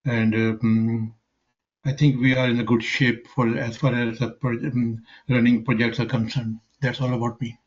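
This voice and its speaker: A man's voice: mid-range voice, little pitch movement, moderate pace. A man giving a brief construction update at a meeting, hesitant and full of fillers. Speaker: construction staff reporting. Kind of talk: informal meeting report. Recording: dull lo-fi meeting audio.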